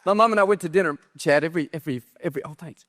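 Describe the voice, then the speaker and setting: Tearful middle-aged man in a reverberant hall. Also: a little high. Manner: halting and tearful, with many restarts and soft laughs. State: tearful, voice cracking. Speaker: pastor being interviewed. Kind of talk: emotional personal story on stage. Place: stage at a large pastors' gathering. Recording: long reverb of a large hall.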